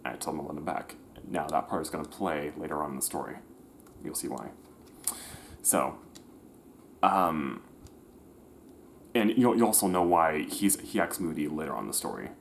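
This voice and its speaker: Low-voiced man rambling through a story. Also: slight background noise. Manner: rambling, frequent restarts and self-corrections; slangy, conversational. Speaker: vlogger telling a personal story. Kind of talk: casual storytime monologue.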